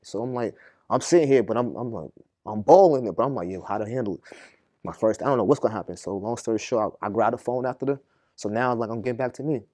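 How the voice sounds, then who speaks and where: Young man, rapid storyteller, low mellow voice, dry close sound. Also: no echo. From Boston. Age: young adult. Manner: animated, acts out prison dialogue, street slang. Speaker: podcast guest. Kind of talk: casual storytelling.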